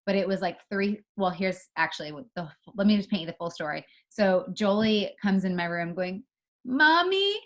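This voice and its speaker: A woman's voice: fairly low pitch, fairly even intonation, brisk, hardly any pauses. A woman chatting casually with a friend over a video call and telling a story, with lots of filler words. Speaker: co-host of an online moms' meet-up.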